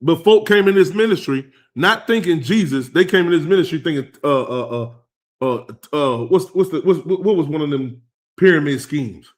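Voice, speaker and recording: Male preacher, high voice, conversational sermon, punchy emphasis. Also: expressive, moderate pace. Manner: emphatic and conversational, rising to loud stresses. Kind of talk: sermon teaching.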